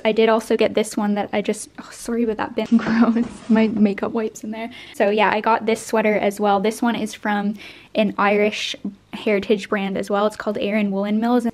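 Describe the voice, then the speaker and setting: A woman's voice: medium pitch, darkish tone. A young woman from Canada, chatting casually to camera at home and gushing over new clothes in a vlog. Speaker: vlogger.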